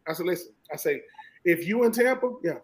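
A man's voice: sits high, brisk, low-quality recording. Emphatic Southern man talking football. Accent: Southern American. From Georgia. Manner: animated, emphatic storyteller, repeats himself. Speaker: guest, former college football player. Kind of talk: casual sports talk.

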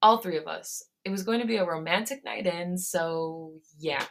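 A woman's voice: on the low side, moderate pace, a bit bright, a little hiss or hum, natural voice. A woman voicing a blunt young man, scared underneath and short-spoken, in a fan fiction read aloud. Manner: blunt, clipped.

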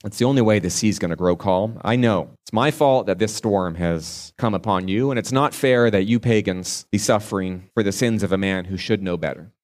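A man's voice: on the low side, moderate pace, few pauses, a little mellow, voice pushed down, close to an everyday voice. A man voicing a reluctant, guilty prophet who speaks in a resigned, sighing way.

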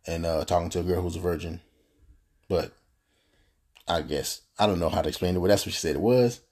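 A man's voice: low voice, brisk, darkish tone. A young man telling a personal story in a casual, earnest, rambling way, full of restarts. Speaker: podcast host telling his story.

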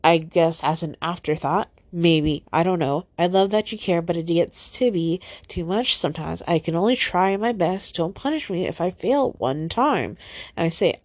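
A woman's voice: fairly low pitch, a little mellow, dry recording. A woman hosting a solo podcast, upset and near tears, sighing and swearing as she reads out text messages. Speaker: podcast host.

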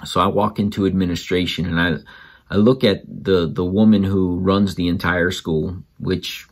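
A father casually telling a story about his child and giving other parents emphatic advice, his voice jumping up when he quotes people. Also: normal speed. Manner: animated, jumps up in pitch when quoting others.

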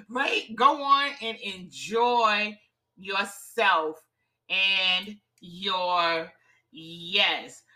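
A woman hosts a motivational talk, speaking slowly and deliberately. Her voice is bright and forward, and she smiles as she repeats encouraging phrases. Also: a little high, rough recording. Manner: upbeat, encouraging, repetitive call-and-response phrasing; smiling while speaking. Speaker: host and author.

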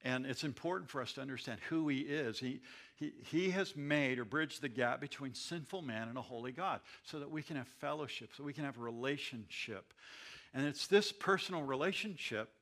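A male pastor preaching with a bright, gravelly voice. He moves between loud, emphatic declarations and hushed asides to his congregation. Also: mid-range voice, normal speed. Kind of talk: sermon. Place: church.

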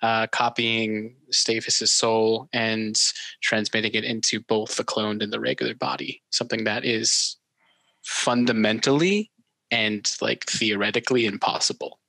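A man's voice: fairly low pitch, fairly even intonation, unhurried, gravelly, sharp tone, no room sound, rough recording. A man running a tabletop game, talking casually and hesitantly with lots of fillers and self-mocking asides. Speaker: game master.

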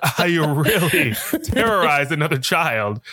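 Male podcast cohost, 30s, bright forceful voice, dry close sound, jokey and animated. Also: on the high side, a little slow, no room sound. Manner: animated, jokey, acts out quotes. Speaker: podcast co-host. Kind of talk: casual movie chat.

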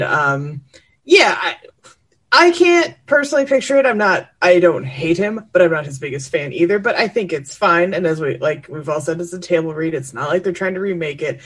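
A woman's voice: low voice, slightly rough. A woman co-hosting a casual chat show, talking in a rambling, chatty way and laughing often. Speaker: co-host.

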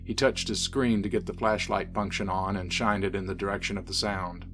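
A man narrating a scripted spooky story in a steady, measured reading. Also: fairly low pitch, music in the background.

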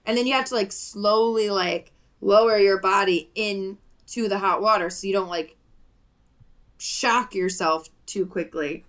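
A woman talks loosely and candidly on a podcast over a video call. She rambles and giggles through her points. Her voice sits at an ordinary middle pitch. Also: a little slow, fairly bright tone. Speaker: podcast co-host. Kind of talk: casual chat.

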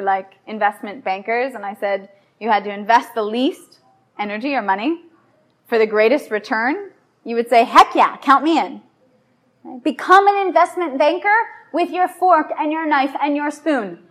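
A high-voiced woman giving a lecture to a live audience. She keeps it chatty and playful and often turns to the listeners with questions. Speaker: lecturer on raw food and yoga.

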